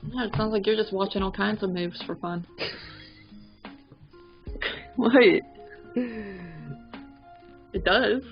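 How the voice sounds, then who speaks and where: A woman's voice: medium pitch, slow pace, long pauses, highs cut off, soft background music. A woman co-hosting a casual movie podcast, teasing her partner with dry interjections. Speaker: podcast co-host.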